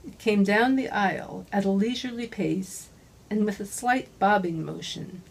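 Woman, author reading, hardboiled first-person narration, dry and wry, mid pitch, faint hiss. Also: normal speed, gravelly, rough recording. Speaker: author reading her own novel.

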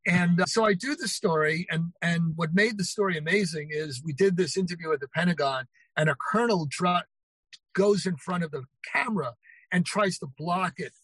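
High-voiced older man telling anecdotes. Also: moderate pace, husky, no room sound, poor audio. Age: 60s. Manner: animated retelling with quoted voices. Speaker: author guest. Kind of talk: anecdotal interview storytelling.

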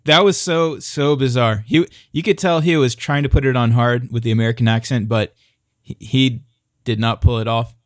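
A man's voice: mid-range voice, fairly even intonation, moderate pace, no echo, studio quality. Wry, hesitant man in casual chat.

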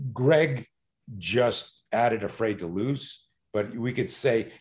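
A man with a fairly low voice talks like the fight coach he is, in a loose, conversational flow. He tells stories with energy, drops the odd curse word and often starts his sentences over. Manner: animated storyteller, swears, frequent restarts. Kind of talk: casual podcast conversation.

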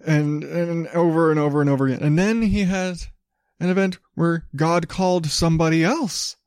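A man's voice: a little high, steady tone, normal speed, darkish tone, smooth, no room sound, clean studio sound. Blunt, profane podcast host man. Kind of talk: casual ranting commentary.

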